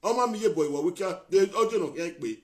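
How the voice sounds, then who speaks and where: A Nigerian man chats on his live video in a rapid, excitable patter, sliding between Pidgin English and his own language. His voice sits high and the words come fast. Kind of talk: casual live-stream chat.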